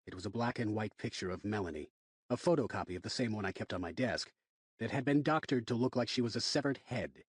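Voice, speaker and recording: A man narrating a thriller audiobook in the first person, in an expressive, tense reading. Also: lowish voice, quick pace, husky, no echo, clean studio sound.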